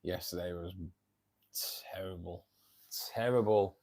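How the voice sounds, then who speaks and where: Mancunian male streamer, lowish voice, friendly chatty delivery, reads out viewer comments. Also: a little slow, long pauses. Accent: Northern English, Manchester. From England. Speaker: live stream host. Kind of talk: casual live chat reading viewer comments.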